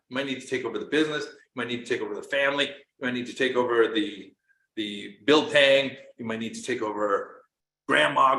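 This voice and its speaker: A man in his forties from Canada gives a motivational talk, going from hushed storytelling to loud, pumped-up calls to action. His voice is bright and forceful. It sounds like he is in a roomy, echoey space. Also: mid-range voice, slight background noise. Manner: earnest, storytelling, swings from quiet to loud. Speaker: coach. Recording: roomy echo.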